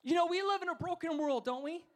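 A man giving a sermon as a festival speaker. He tells funny stories and has the audience shout words back to him. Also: extremely high pitch, fast talker. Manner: energetic, asks the crowd to call back; humorous storytelling.

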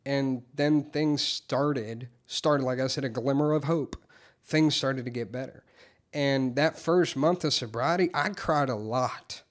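A man telling his recovery story in casual, candid talk, swearing freely and getting animated when he quotes himself. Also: mid-range voice, unhurried.

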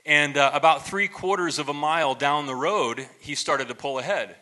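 A pastor with a very bright, sharp-edged voice preaches in an easy, chatty way. He talks in loose stories full of restarts and little asides and pokes fun at himself as he goes. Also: fairly high pitch, normal speed. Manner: relaxed storytelling, many restarts and asides; self-deprecating humor. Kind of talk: conversational sermon.

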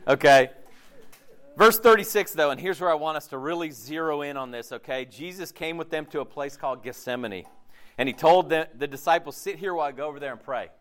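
A man preaching a casual, jokey sermon, acting out quotes with lively swings in his voice. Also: fairly high pitch, a little fast. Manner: animated, jokey, acts out quotes. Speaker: pastor.

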